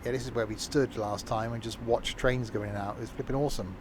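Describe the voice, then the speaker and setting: A man's voice: medium pitch, fairly even intonation, fast talker, background noise. A British man chatting casually as he streams a train game, rambling into asides. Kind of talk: casual gameplay commentary.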